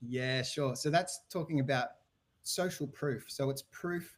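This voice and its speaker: A man's voice: medium pitch, measured pace. An Australian man answering podcast interview questions about websites and sales, talking in a loose way full of restarts and fillers. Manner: rambling, frequent restarts and fillers. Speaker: guest, website business owner.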